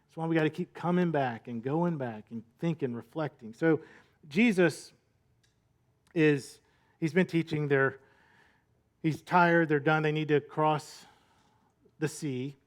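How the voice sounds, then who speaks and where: A man's voice: on the high side, a little slow, long pauses. A male pastor giving a sermon in a conversational, storytelling way, full of rhetorical questions.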